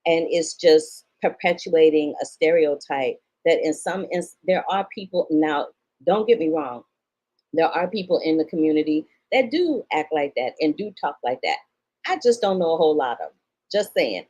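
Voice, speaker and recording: A woman's voice: low-pitched, very animated, moderate pace, darkish tone, dull audio. A woman from St. Louis, Missouri, hosting a casual film review podcast, talking emphatically with slangy asides to her listeners. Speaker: film critic and podcast host.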